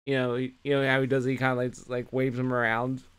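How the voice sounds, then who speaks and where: Clear-voiced man in animated recap. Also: mid-range voice, quick pace. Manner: animated retelling, heavy swearing. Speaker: podcast co-host. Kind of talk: casual chat recapping wrestling.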